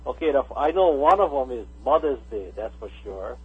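Hesitant male caller, husky voice, tinny phone line. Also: mid-range voice, sing-song, fairly quick.

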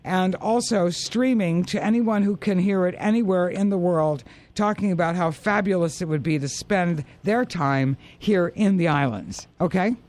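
A woman's voice: fairly low pitch, normal speed, darkish tone. A woman hosting a golf radio show, chatting with a guest in an eager, effusive way. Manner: laughs often, eager and effusive. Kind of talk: casual interview chat.

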